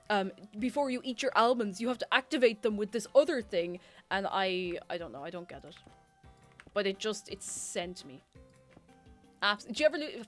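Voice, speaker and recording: A woman livestreamer rambles through casual chat with her viewers. She giggles often and pokes fun at herself. Faint music plays in the background. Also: medium pitch. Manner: rambling, giggly and self-mocking.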